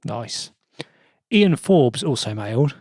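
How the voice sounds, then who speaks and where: A man's voice: mid-range voice, sing-song, takes it slowly, darkish tone, dry recording. A man co-hosting a casual tech podcast, introducing listener mail and adding brief, dry remarks. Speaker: podcast co-host.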